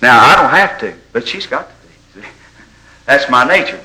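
A man preaching a sermon, telling folksy stories and rising into loud exhortation. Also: mid-range voice, lively intonation, normal speed, rough recording.

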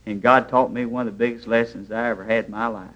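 A man preaching in a church, a mid-pitched voice that tells folksy stories with homespun grammar. The sound is dull and lo-fi, like an old sermon tape. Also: fairly even intonation, fast talker, a bit bright. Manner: folksy storytelling preaching, plain rural grammar.

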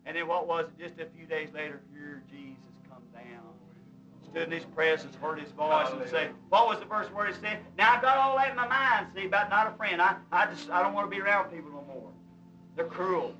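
In an old, muffled recording with hymn music behind him, a man preaches a fervent, folksy sermon in plain vernacular and breaks into hymn singing, standing a bit far from the mic. His voice runs high, brisk, bright, and forceful.

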